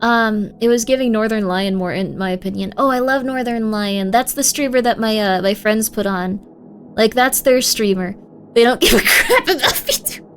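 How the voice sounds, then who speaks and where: A young woman streaming live, chatting casually with her viewers and breaking into sudden high, excited shouts. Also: normal speed, a little hiss or hum.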